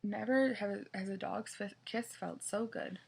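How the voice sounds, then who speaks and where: A woman's voice: medium pitch, measured pace, creaky, slight background noise. A woman reading a children's novel aloud in the first person, with small slips and restarts. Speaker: reader.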